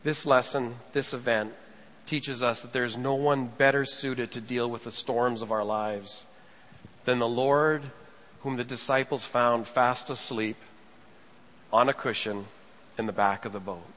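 A male pastor preaching a sermon, swinging between hushed lines and raised emphatic ones as he acts out scripture. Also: medium pitch, fairly even intonation, measured pace. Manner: rising and falling preaching delivery, quotes scripture dramatically. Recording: long reverb of a large hall.

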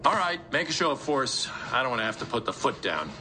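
An actor voicing a gruff, military-style male inner emotion who barks orders. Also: medium pitch, very animated, quick pace, pushed and bright, a little hiss or hum. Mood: commanding. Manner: barking orders.

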